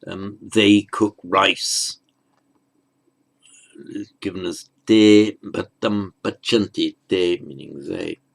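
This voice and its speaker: A man teaching a recorded grammar lesson in a measured, explanatory way, often restarting his phrases. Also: low-pitched, steady tone, creaky. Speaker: language teacher.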